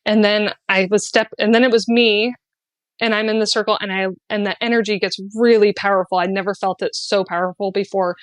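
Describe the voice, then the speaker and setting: A middle-aged woman recounts a deeply personal spiritual experience as a podcast guest. She talks in an animated way, jumping up in pitch when she quotes people and breaking into laughs. The recording is dry and close. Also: no room sound. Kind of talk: emotional personal storytelling.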